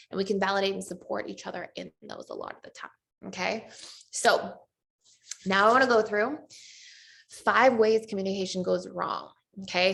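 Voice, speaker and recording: Relaxed conversational woman coaching on relationships. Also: mid-range voice, gravelly. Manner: conversational, with many fillers and acted-out quotes. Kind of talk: teaching a relationship class.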